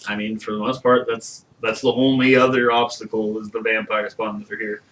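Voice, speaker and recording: A man's voice: lowish voice, level tone, a little fast, a bit bright. A man running a tabletop game as game master, narrating in a loose, casual way. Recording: distant mic with faint noise.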